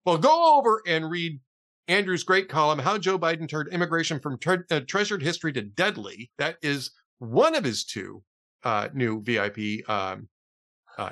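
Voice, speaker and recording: A man's voice: a little high, bright, forceful tone. A man hosting a podcast in casual chat, telling jokes and chuckling as he reads. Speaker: podcast host.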